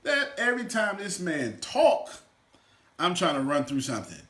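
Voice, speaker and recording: Male motivational coach, animated and bright, lively pitch, echoey room. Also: normal speed. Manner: animated, swings from loud shouts to quiet asides. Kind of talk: energetic motivational teaching. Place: room with a small live audience.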